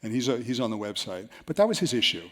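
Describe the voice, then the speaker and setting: Animated man giving a seminar talk. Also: medium pitch, fast. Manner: storytelling, animated, with self-mocking anecdotes. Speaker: seminar presenter. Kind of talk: seminar talk to a live audience.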